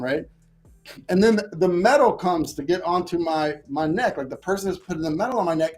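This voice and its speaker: Animated storytelling man, fairly high voice. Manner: animated, acts out his own past thoughts. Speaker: podcast guest. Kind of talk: storytelling in a casual interview.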